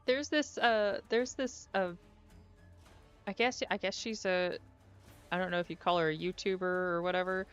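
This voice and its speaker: A young woman chats through a live stream, excitable and thinking out loud. Her voice sits fairly low. The audio is dull and lo-fi, with quiet music underneath. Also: moderate pace, clean tone. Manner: chatty, easily excited, musing aloud. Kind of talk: casual stream chat while playing.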